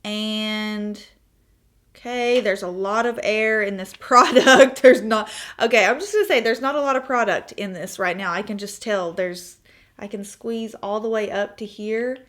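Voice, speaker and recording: A woman's voice: medium pitch, a little slow, fairly bright tone. A 25-year-old woman chatting casually through a makeup tutorial, telling stories with asides and laughs. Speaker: beauty vlogger.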